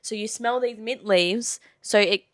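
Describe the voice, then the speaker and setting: A woman's voice: on the high side, measured pace. A woman co-hosting a podcast, chatting casually and bantering with her friend about travel. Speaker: podcast co-host. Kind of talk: casual chat.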